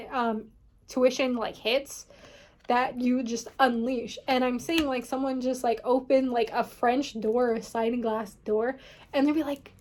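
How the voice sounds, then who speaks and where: A woman's voice: on the high side, slight background noise. A woman giving a casual tarot reading, rambling and filling her talk with "like" and "you know what I mean". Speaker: tarot reader.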